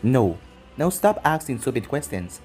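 A man's voice: medium pitch, big pitch swings, moderate pace, a little mellow, faint music behind, natural voice. A man voicing a seductive, scheming demoness witch with a sardonic, teasing manner. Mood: sly.

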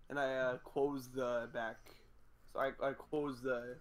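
A man's voice: mid-range voice, flat delivery, slow. A man playing in a tabletop game, talking hesitantly, with many fillers and restarts. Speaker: player. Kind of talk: casual tabletop play.

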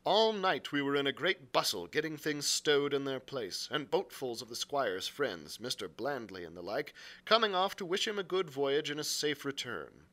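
A man reading a classic adventure novel aloud, expressive, with occasional slips he corrects. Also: medium pitch, moderate pace, few pauses. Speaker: library reader.

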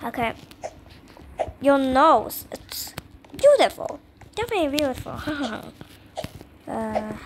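A young woman giving casual gameplay commentary, excitable and repeating herself, sometimes dropping to a whisper. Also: high-pitched, background noise. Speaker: gamer.

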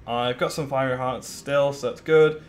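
A man streams a game in a mid-range voice, his intonation fairly even and his pace moderate, over a little hiss or hum. His commentary is casual and rambling, covering what he plans to do with many fillers and answers to chat.

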